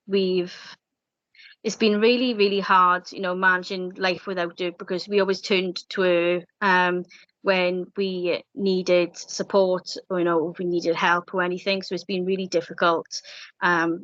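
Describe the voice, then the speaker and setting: A low, flat-toned woman in her thirties from Wales talks gently in an interview, full of fillers and feeling. Her voice is dry and close, with a dull, lo-fi sound. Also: moderate pace, no room sound. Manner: soft-spoken, many fillers, emotional. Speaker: bereaved interviewee. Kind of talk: personal interview, recalling a loss.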